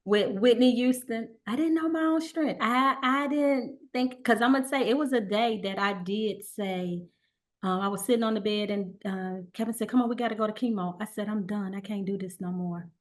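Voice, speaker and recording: A middle-aged woman guest telling her story in a relaxed conversational way, acting out the voices of the people she quotes. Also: a little high, moderate pace. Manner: animated, acts out quoted dialogue.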